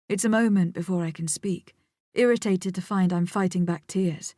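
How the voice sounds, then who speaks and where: A woman's voice: on the low side, normal speed, warm tone, no echo. Intimate, dry-voiced woman audiobook narrator. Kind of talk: first-person audiobook narration.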